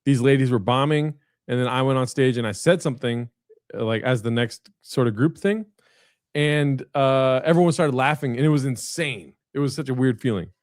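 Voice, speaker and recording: Medium-pitched and speaking at a normal speed, a guest comedian rambles through casual stories on a video call. He swears often and leans on fillers; the recording is dry and studio-clean.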